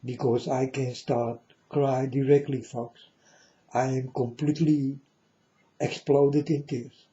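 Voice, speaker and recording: A man giving a mournful prophetic warning monologue, slowly speaking straight to his listeners and calling them folks. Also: mid-range voice, little pitch movement, dark tone. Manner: slow, mournful, repeatedly addresses listeners as folks. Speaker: self-styled prophet. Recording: dull lo-fi audio.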